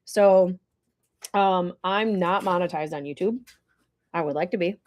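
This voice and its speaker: A woman's voice: lowish voice, unhurried, a little mellow. Chatty woman on a home livestream. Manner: chatty, rambling, talks while eating. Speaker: livestream host. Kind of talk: casual livestream chat. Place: home, at dinner table.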